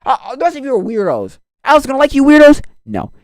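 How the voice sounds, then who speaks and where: Lady streamer ranting about a movie, super lively swings, dry close mic. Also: high voice, fast talker, no echo. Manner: animated, ranting with slang and filler. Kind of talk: casual chat.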